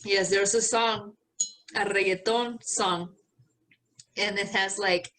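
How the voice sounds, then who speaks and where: A woman's voice: mid-range voice, steady tone, slow, pauses often, sharp tone. A woman from Mexico co-hosting a podcast, chatting casually, laughing often and swearing freely. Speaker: podcast co-host. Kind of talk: casual chat.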